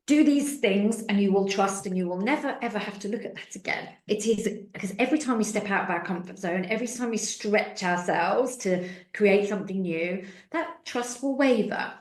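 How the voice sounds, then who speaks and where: A woman's voice: mid-range voice, normal speed, few pauses. Earnest woman guest in an echoey room. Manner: earnest, acts out quoted voices in stories. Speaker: guest, spiritual mentor. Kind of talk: reflective interview answers.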